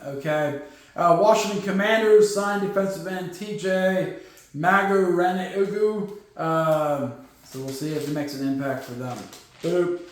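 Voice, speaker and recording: Guy doing a football news rundown, kinda high voice, tons of echo, lots of uhs and quick punchy asides. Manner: rapid-fire, filler-heavy, punchy asides. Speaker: football podcast host. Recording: very echoey room.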